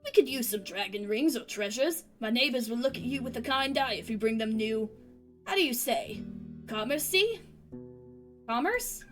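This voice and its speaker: A woman voicing a humble, gentle male village vendor in a text game, speaking in a soft, folksy way. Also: on the high side, animated, moderate pace, soft background music.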